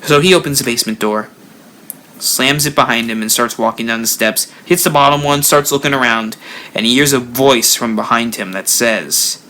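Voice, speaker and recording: A man hosting a live stream, telling a spooky story with lively rises and drops. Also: mid-range voice, normal speed, a little hiss or hum. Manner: animated storyteller, rising and dropping for effect. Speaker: haunt builder channel host.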